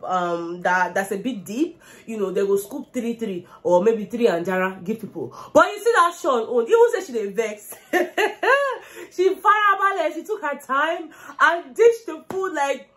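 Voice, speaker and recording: A young woman with a Nigerian accent, telling a casual gossip recap in a chatty, animated way and often speaking straight to her viewers. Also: fairly high pitch, normal speed. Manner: chatty, animated storytelling, keeps addressing viewers as guys. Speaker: reality show recap vlogger.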